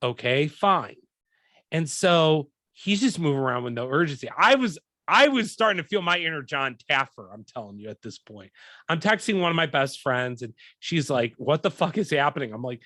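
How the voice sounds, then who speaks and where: A young man hosting a podcast, telling a profane story in a casual, animated way and acting out what people said. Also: on the high side, moderate pace, no room sound, clean studio sound. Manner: profane, animated, acts out quoted lines. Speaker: podcast host.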